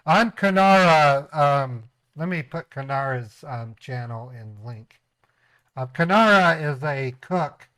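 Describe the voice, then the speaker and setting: A man's voice: mid-range voice, a bit bright, no room sound. A man hosting a casual livestream. He chats, laughs often and slips into voices. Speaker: streamer, scam baiter.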